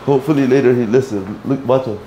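A man's voice: medium pitch, fast talker, mellow, lo-fi sound, a little hiss or hum. A man casually vlogging around his home, talking loosely with stumbles and repeats, and giving his dog firm repeated commands. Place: at home, indoors.

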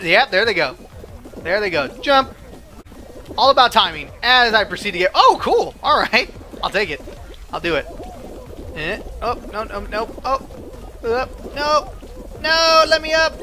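A man giving excited, animated commentary over his own gameplay, yelping and laughing at his mishaps. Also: high-pitched. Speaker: gaming video host.

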